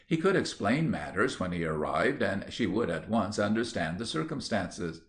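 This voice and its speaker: Man reading an old story aloud, lowish voice, gravelly, lots of melody. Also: sing-song. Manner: measured literary reading. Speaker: audiobook reader. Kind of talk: storybook narration.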